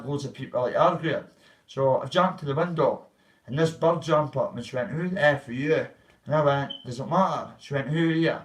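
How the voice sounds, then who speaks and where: A man telling a story to his livestream viewers in a rambling, profane way, acting out what others said. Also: mid-range voice. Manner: rambling, profane, acts out quoted voices. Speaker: vlogger. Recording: voice a bit far from the mic.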